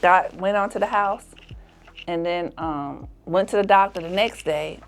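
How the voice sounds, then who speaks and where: Animated woman telling a personal story. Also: fairly low pitch, unhurried, faint music behind. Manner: animated, acts out the people in her story with laughs. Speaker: podcast host.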